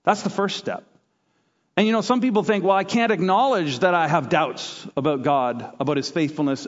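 A man's voice: a little high, big-room sound, dull audio. A man from Canada preaching a sermon, telling stories animatedly and acting out quoted voices. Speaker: pastor.

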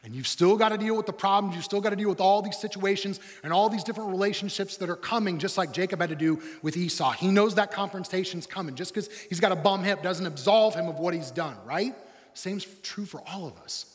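A man preaching a sermon, animated, swinging between loud excited bursts and quiet, low, intense stretches. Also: fast talker, in a large hall. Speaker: pastor.

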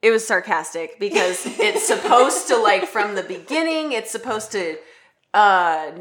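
A woman's voice: medium pitch, animated, measured pace, fairly bright tone. A woman in a casual podcast chat, asking puzzled questions, a little hesitant, often laughing as she talks. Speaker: guest giving reactions.

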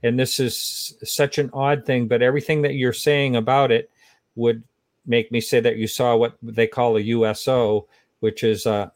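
A man hosts an interview show, reacting with sympathy and drifting through fillers as he frames his questions. His voice sits at a medium pitch. The recording is dry and close, with no room sound. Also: level tone, normal speed, no echo. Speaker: podcast host. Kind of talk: casual interview talk.

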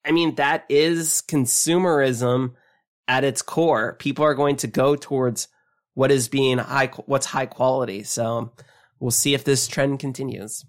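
A man co-hosting a tabletop gaming podcast, talking in a casual and animated way, often trailing off and restarting his sentences. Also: medium pitch, unhurried. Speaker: podcast co-host.

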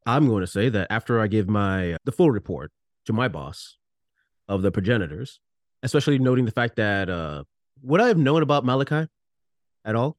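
A man's voice: on the low side, lively intonation, a little fast, no room sound, clean studio sound. A man playing a tabletop game, rambling as he narrates his character's actions in the first person. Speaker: player.

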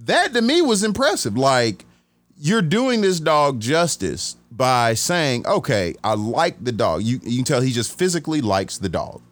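Animated man telling a story. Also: medium pitch, unhurried, dry recording. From Atlanta, USA. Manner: animated storyteller, restarts sentences, acts out quoted voices. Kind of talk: casual storytelling conversation.

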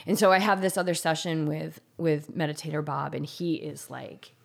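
A woman's voice: low voice, steady tone, moderate pace, vocal fry. A woman telling a painful personal story in an intense, confessional way, saying "like" often. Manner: intense, confessional, heavy use of "like".

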